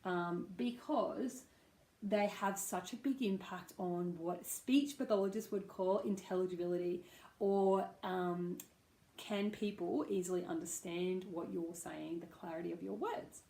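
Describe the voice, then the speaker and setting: An Australian woman coaches pronunciation, modelling vowel sounds one by one. She speaks slowly and patiently, and her voice rings in an echoey room. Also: on the low side, gravelly, mellow. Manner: slow, patient, demonstrating sounds. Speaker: accent coach. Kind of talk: pronunciation lesson.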